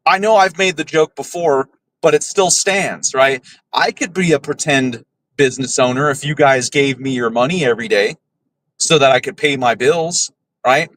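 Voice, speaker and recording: A man's voice: mid-range voice, fairly bright tone, slight background noise. Profane ranting man. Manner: heated, swears a lot, keeps asking "right?". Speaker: podcast host. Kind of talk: casual profane rant.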